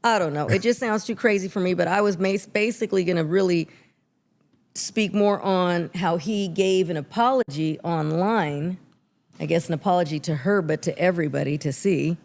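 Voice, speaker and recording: A woman's voice: fairly low pitch, moderate pace, gravelly, a little mellow. A woman chatting casually as a podcast co-host, hesitant and full of fillers. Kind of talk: casual chat.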